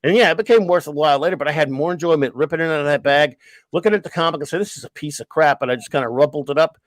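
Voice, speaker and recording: Middle-aged man, casual stream host, rambling profane storyteller, slightly high voice, dry close sound. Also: racing, no room sound. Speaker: livestream host. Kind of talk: casual chat.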